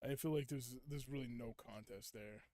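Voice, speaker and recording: A man's voice: mid-range voice, moderate pace, warm tone. A young man streaming a game, chatting casually, laughing often and acting out quotes. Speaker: gaming streamer. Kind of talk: casual gameplay chat.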